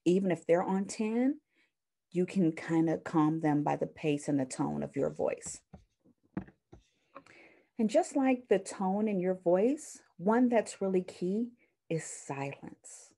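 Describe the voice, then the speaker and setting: This counseling professor speaks slowly with a creaky, dark, lowish voice and lively intonation in a recorded university lecture. She talks conversationally, often using fillers and correcting herself, and displays items to the camera while teaching.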